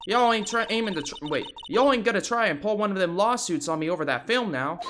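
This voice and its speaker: A woman voicing a brash, loud Southern country woman photographer in a folksy drawl, over game music. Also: mid-range voice, expressive, fast, a little hiss or hum, pitched above the performer's own voice, close to an everyday voice. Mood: sassy. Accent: American Southern drawl, put on. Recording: game music playing underneath.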